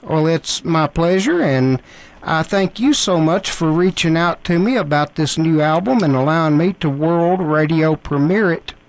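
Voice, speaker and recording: A man's voice: a little high, lively intonation, a little slow, poor audio. A man hosting a country radio show and interviewing a guest in a cheerful announcer manner. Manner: cheerful announcer delivery, addressing listeners as folks.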